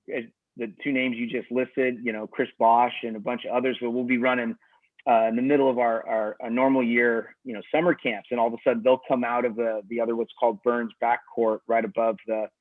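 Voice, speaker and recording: A man's voice: mid-range voice, dry recording. Man on a tinny, phone-like call. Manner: easygoing, rambling with many restarts. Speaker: head tennis coach. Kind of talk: casual interview answers. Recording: tinny phone-like dry audio.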